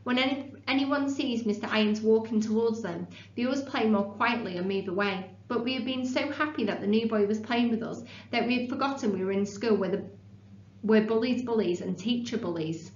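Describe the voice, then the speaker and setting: A woman's voice: a little high, a little fast, slight background noise. Woman teacher reading a storybook to a class, roomy classroom, muffled lo-fi sound. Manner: steady storybook reading, with brief explanations. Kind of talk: reading a children's novel aloud to a class. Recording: roomy room, dull lo-fi sound.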